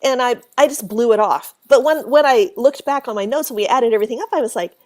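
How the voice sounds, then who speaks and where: A woman guest telling a spooky story in a casual interview, animated, acting out quoted voices and laughing often. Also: on the high side, fast talker. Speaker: author and paranormal researcher, guest.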